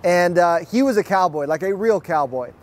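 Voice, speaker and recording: A young man preaching, his voice pitched high for a man. He tells stories in a lively way and acts out the other speakers' lines as he goes. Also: normal speed. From Fort Worth, Texas. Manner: lively storyteller, acts out quotes. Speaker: pastor. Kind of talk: sermon with personal storytelling. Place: online church service.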